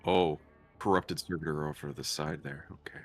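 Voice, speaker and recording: A man's voice: very deep voice, normal speed. A young man chatting casually and joking while playing a video game with friends. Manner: lively, jokey, swings loud in surprise. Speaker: gamer co-player. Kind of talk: casual gaming banter.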